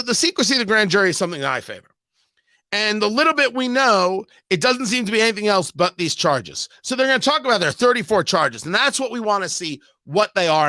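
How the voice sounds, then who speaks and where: A man hosting a live radio news show, giving animated commentary full of joking asides. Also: high voice, no room sound. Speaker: radio talk show host.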